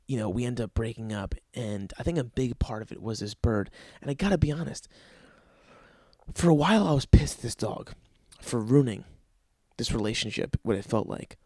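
A young man hosts a podcast, spinning rambling, profane comedic stories. His voice has a gravelly grain at a middle pitch. The recording is dry and close. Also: warm tone, no echo. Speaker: podcast host. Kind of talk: casual comedic storytelling monologue.

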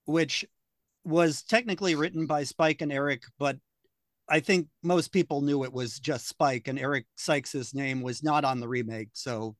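Higher-voiced man explaining. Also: fairly even intonation, normal speed, no room sound, clean studio sound. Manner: informative, explaining with fillers. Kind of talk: casual chat.

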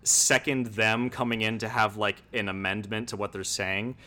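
A young man guesting on a podcast, chatting casually and explaining his thoughts at length in a relaxed, reflective way. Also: lowish voice, normal speed. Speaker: podcast guest, video essayist. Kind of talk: casual conversation.

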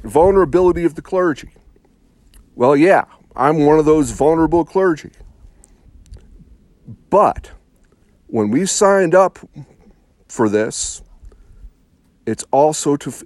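A priest speaking slowly and emphatically, making a combative argument to listeners with rhetorical questions. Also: male voice, medium pitch, darkish tone, dry recording. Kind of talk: spoken commentary to listeners.

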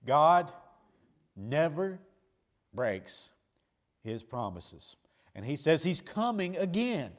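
High-voiced pastor preaching emphatically. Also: male voice, very animated, slow, pauses often. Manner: emphatic preaching that swings between quiet low asides and loud raised cries. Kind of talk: sermon.

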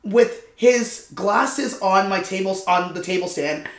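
A man's voice: high-pitched, slow, a bit bright. A man, a guest comedian, telling a story in casual podcast chat and acting out the other people's voices. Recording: roomy echo.

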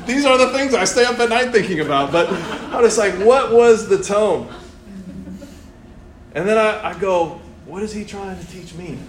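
A young man preaching a sermon in a church, animated and playful, acting out voices as he tells the story. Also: high voice, moderate pace, a little hiss or hum. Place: church hall. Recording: echoey church room, faint ambience.

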